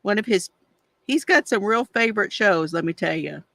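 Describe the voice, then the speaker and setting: A woman's voice: mid-range voice, animated, moderate pace, gravelly, a bit bright, no echo. A middle-aged woman hosting a craft livestream, chatting casually and confidingly while she colors, with frequent sighs. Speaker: craft channel host.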